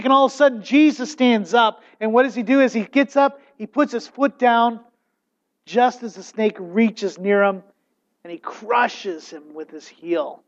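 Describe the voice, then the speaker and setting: A man preaching a sermon as pastor, animated and full of restarts. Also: very high-pitched, moderate pace. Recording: dull, lo-fi sound.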